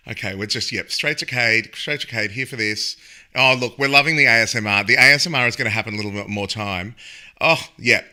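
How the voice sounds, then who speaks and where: A man's voice: mid-range voice, normal speed, long pauses, sharp tone. A man hosting a cabaret show from home, chatting in a rambling way between plugs and asides. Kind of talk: chatty live-stream banter.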